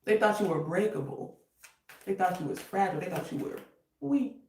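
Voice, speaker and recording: A woman's voice: fairly low pitch, animated, moderate pace, a little mellow, far from the mic. A woman reading tarot, casual and emotional, cursing freely and sometimes breaking into song. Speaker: tarot reader. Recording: roomy echo, voice a bit off-mic.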